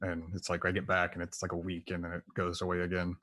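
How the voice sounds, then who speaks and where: A man from the American South chats as a tabletop player. He has a fairly low voice and a loud, joking manner. The mic is close and dry. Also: completely flat delivery, quick pace, no echo. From Southern United States. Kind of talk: casual chat.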